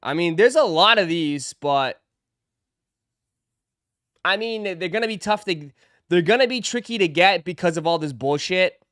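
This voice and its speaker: A man's voice: high voice, animated, normal speed, long pauses, fairly bright tone, dry recording, studio quality. A man hosting a sneaker live stream, chatting casually with viewers in a laid-back, teasing, slangy way.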